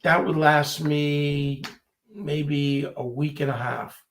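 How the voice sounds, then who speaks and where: A man's voice: fairly high pitch, slow pace. A man, telling stories in a casual chat and acting out the voices of the people in them. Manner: animated, acts out quoted voices. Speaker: storyteller.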